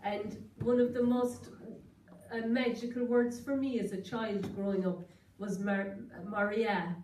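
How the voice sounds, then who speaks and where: A woman with a soft, mellow Kerry Irish accent gives a chatty, anecdotal talk to a gathered audience. She is picked up from some distance, so her voice rings around a reverberant room. A faint hiss sits under the recording. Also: medium pitch, fairly even intonation, unhurried. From Ireland. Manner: chatty, anecdotal, quoting sayings. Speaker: guest lecturer. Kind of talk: public talk. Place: lecture room, indoors.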